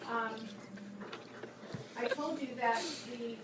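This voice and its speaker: A woman with a slightly high voice walks her students through a recipe in a patient, explanatory tone. She sounds distant, caught by a phone across an echoey classroom. Loud chatter from students fills the background. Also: steady tone, slow. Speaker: cooking teacher. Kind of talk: classroom cooking demonstration. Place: school classroom. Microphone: phone across the room.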